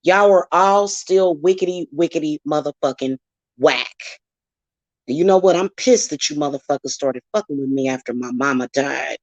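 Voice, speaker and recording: In a low voice at a moderate pace, a spiritual reader who hosts her own channel lashes out at her critics with a heated, foul-mouthed, confrontational vlog rant. The sound is lo-fi, with no echo.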